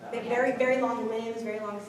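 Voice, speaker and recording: A woman's voice: on the high side, flat delivery, quick pace, crowd noise. A woman presenting on gifted education to teachers, upbeat and chatty, telling stories. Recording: echoey room, far mic, background noise.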